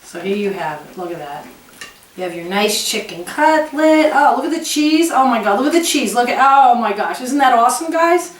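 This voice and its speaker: Woman host for a home cooking demo, rather high voice, effusive and chatty, picked up from off-mic in an echoey kitchen. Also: moderate pace, far from the mic, slight background noise. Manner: gushing, exclamatory and chatty.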